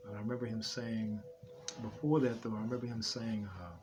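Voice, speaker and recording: A man's voice: on the low side, level tone, fairly quick, a little hiss or hum. A man, talking loosely about his dream visions, repeating himself often and restarting his sentences. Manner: rambling, repeats himself, many restarts and fillers. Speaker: preacher sharing dream visions. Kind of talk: unscripted religious talk. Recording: dull lo-fi audio with loud music underneath.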